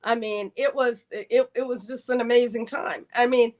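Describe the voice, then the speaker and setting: This woman's voice runs on the high side at a moderate pace as she, a retired Air Force colonel, tells a podcast interviewer a long story from her career. Animated throughout, she impersonates the people in it and acts out what they said.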